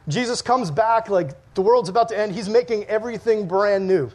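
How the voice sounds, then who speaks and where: Male youth pastor with a high voice; casual, self-mocking sermon delivery, quick to laugh. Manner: chatty and joking, laughs often at himself.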